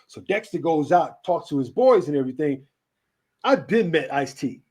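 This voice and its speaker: A man with a slightly raised voice tells rambling stories in a relaxed interview. He laughs often and swears freely. He talks like a radio host swapping old memories. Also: fairly high pitch, moderate pace, breathy edge. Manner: animated, laughing, swearing storyteller. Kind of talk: casual storytelling interview.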